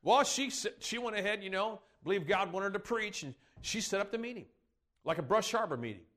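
Folksy bright-voiced preacher man. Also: high voice, expressive, fairly quick. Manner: folksy, rambling, laughs at own stories. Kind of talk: sermon storytelling.

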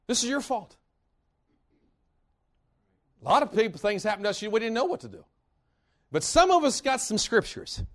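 High-voiced preacher telling folksy stories. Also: male voice, normal speed, long pauses. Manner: folksy, animated storytelling with laughter. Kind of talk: sermon with personal stories.

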